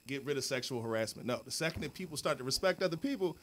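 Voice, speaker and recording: A man's voice: medium pitch, very fast, slight background noise. A man telling a bar story to friends on a podcast, cursing freely and acting out the people in his story. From United States. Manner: profane, animated, quotes people in put-on voices. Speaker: podcast co-host.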